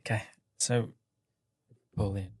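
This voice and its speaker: A man's voice: on the low side, steady tone, a little slow, darkish tone, slightly rough, dry recording, clean studio sound. A man co-hosting a casual podcast chat, easygoing and joking, often poking fun at himself. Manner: easygoing, joking, self-mocking. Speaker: podcast co-host. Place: home in Melbourne.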